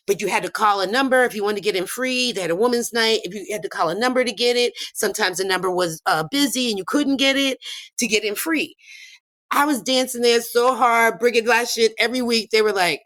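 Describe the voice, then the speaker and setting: An older woman, an activist guest, telling lively stories about dancing in bars during a casual interview. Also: medium pitch. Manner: animated, laughing storyteller.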